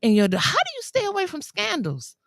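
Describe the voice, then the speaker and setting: Lady hosting, super animated, lots of fry in her voice, dry sound. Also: high voice, dry recording. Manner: lively, animated, quick to laugh and affirm. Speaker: talk show host. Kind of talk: casual interview chat.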